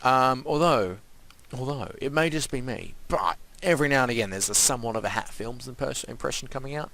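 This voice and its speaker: A man's voice: mid-range voice, expressive, a little fast, pushed and bright. A young man giving casual, rambling let's-play commentary and playfully talking to the animals and objects in his game. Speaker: gaming channel host.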